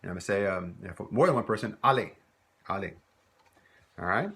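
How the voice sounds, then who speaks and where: Guy teaching a lesson, kinda low voice, husky, goes slow n patient, repeats the examples. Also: lively intonation, sharp tone. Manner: patient step-by-step explaining, repeating example phrases. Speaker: French teacher. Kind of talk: recorded language lesson.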